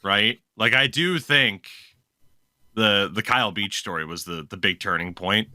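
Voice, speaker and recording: A man hosting a casual hockey podcast, chatty and quick to laugh. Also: fairly low pitch, dry recording, clean studio sound. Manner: chatty, laughs often, animated storytelling. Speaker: podcast host.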